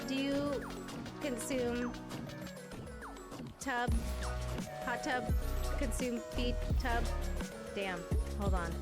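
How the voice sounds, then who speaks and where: A young woman chatting casually while playing a game on a live stream, playful and scattered, reacting out loud as she goes. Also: fairly high pitch, extremely slow, pauses often. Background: loud background music.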